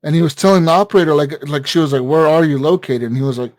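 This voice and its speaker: A man with a fairly high voice tells a story on a podcast in loose, excitable chat. He swears constantly and leans on fillers, acting out the people he quotes. The sound is close and dry. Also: very fast, no room sound. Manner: excitable, profane, many fillers, acts out quoted callers. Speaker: podcast co-host. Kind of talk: casual chat, retelling a story.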